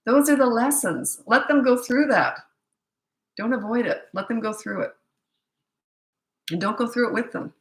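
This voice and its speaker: A middle-aged woman coaching parents in a live question-and-answer chat, blunt and matter-of-fact, with quick asides. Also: on the high side, fairly bright tone, roomy sound, low-quality recording.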